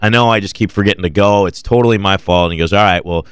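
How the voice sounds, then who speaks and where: A man's voice: low voice, fast, smooth, no room sound. A man co-hosting a radio show, telling casual stories full of quoted dialogue and laughter. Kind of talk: casual storytelling chat.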